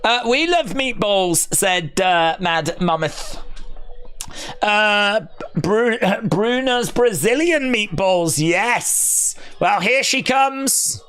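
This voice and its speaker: A man from England hosts a live watch-along of the fights, talking in a fairly high voice and an unhurried, drawn-out pace. He chats casually with viewers and bursts into cheering shouts. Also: animated, clean tone. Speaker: live stream host reacting to fights.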